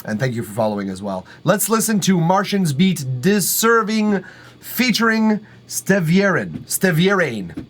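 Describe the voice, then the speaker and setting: A man's voice: high voice, sing-song, moderate pace, hardly any pauses. A man from Canada hosting a live music-review stream. He chats casually and rambles loosely, swearing freely, using lots of fillers, and laughing at his own remarks. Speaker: livestream music review host. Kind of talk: casual livestream chat.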